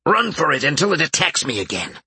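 A man's voice: a little high, big pitch swings, fairly quick, gravelly, pushed and bright, husky, pitched above the performer's own voice, heavily acted. A man voicing a young male adventurer who calls out urgent orders in a fight. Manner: urgent calling out.

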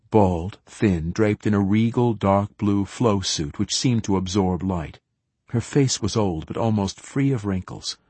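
A man reading an audiobook in a measured, even narration, close to the mic. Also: low voice, slightly rough, no room sound.

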